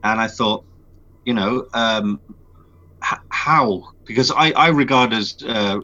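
A voice actor guest chatting in an interview, telling stories with animated excitement. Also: male voice, lowish voice, takes it slowly, lo-fi sound. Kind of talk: casual interview chat.

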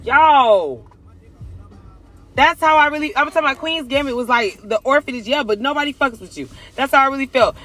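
A man's voice: very high-pitched, fast talker, few pauses, pushed and bright, soft background music. A man talking casually to his viewers in a blunt, profane, emphatic confessional monologue. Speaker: vlogger.

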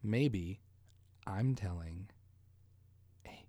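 A man's voice: fairly low pitch, drawn-out words, dark tone, no room sound. A man hosting a casual solo podcast, rambling through crude jokes, mocking himself and laughing at his own bits. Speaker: podcast host.

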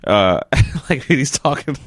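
A man's voice: mid-range voice, very animated, slow pace, no room sound, studio quality. A man, a comedian chatting casually among friends, rambling through stories and laughing as he goes. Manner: rambling, laughs mid-story. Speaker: comedian and show promoter. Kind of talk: casual banter between comedians.

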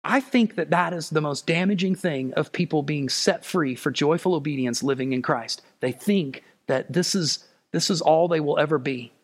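A man preaching a sermon as pastor, earnest and pleading, rising louder and higher as he presses his points. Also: moderate pace, few pauses.

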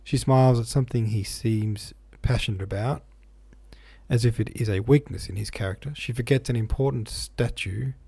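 A man's voice: medium pitch, fairly quick, gravelly, dark tone, breathy edge, dry recording. A man reading a classic novel aloud and musing on it, thoughtful and a bit hesitant. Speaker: reader and discussion leader.

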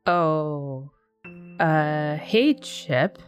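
A woman's voice: low voice, animated, extremely slow, faint music behind, pitched below the performer's own voice, heavily acted. A woman in an improv comedy scene playing a dopey, bewildered male chipmunk sidekick who talks in a flustered, protesting way. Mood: casual.

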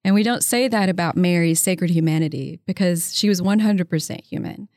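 A woman's voice: lowish voice, fairly quick, dry recording, studio quality. A woman guest, an author, talking casually. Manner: warm, storytelling, enthusiastic about her faith. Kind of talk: casual interview conversation.

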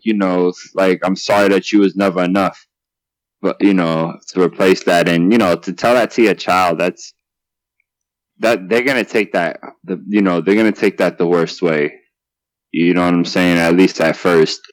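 Young male co-host, deep voice, relaxed and slangy, dry recording. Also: no echo, rough recording. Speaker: podcast co-host. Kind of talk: casual chat about manga.

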